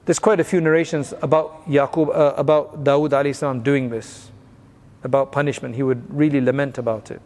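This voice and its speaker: A man's voice: medium pitch, level tone, brisk, darkish tone, in a large hall. A man giving a recorded religious class, explaining old narrations plainly and mixing in Arabic phrases. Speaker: religious teacher.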